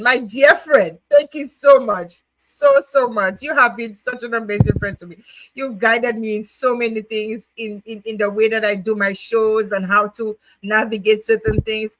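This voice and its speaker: A woman's voice: mid-range voice, fairly bright tone, no echo, rough recording. A woman hosting her own livestream show, chatting to viewers in a grateful, heartfelt way, laughing often and restarting her words. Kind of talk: casual heartfelt chat to viewers.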